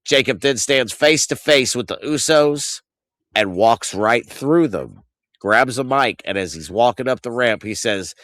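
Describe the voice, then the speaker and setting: Brief: man in his thirties, casual wrestling-recap host, lively swooping delivery, profane rants, dry close sound. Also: a little slow, no room sound. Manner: animated ranting, swings loud and high when outraged; profane, exasperated. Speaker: podcast host.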